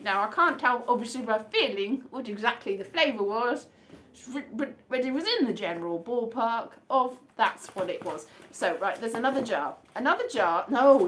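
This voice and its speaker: A woman's voice: fairly high pitch, fairly bright tone, a little hiss or hum. A woman from the UK chatting casually in a vlog, rambling and amused with herself as she guesses mystery items by touch. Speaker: vlogger.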